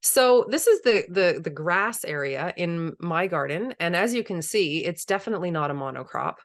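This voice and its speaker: Low-voiced woman giving a gardening webinar. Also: expressive, normal speed. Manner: enthusiastic, conversational, laughs easily. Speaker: permaculture presenter. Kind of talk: webinar presentation.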